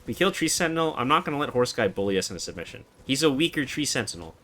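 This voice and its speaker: A man in his twenties streaming a game, chatting casually and answering chat in a relaxed, monotone way. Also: medium pitch, fast. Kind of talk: casual live-stream chat while gaming.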